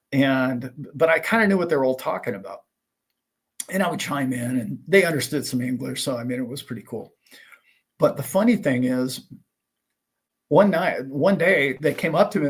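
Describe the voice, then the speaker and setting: A man hosts a livestream in a medium-pitched, slightly rough voice. He chats casually and greets viewers, rambling in a friendly way with lots of filler words.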